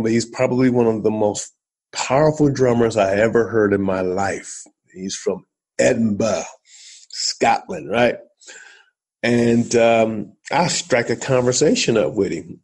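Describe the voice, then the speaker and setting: A man from Ohio, a former football player, telling stories as an interview guest, animated and addressing listeners directly. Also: medium pitch, poor audio. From Columbus, Ohio, USA. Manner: animated storyteller, acts out quotes, talks to the listener. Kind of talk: storytelling in a podcast interview.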